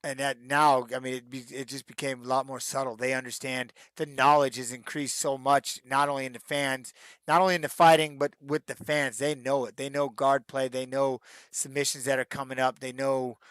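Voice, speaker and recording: A middle-aged man, a retired fighter, answering fan questions in a casual live-stream chat, telling stories and acting out shouted quotes. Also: mid-range voice, moderate pace, clear, resonant tone, no room sound, clean studio sound. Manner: animated storyteller who acts out shouted quotes, peppered with "man".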